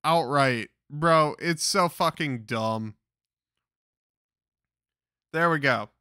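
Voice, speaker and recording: A man's voice: a little high, drawn-out words, sharp tone, clear, resonant tone, dry recording, studio quality. Profane, exasperated young man ranting. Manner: crude, exasperated, swearing constantly. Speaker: commentator reacting to clips.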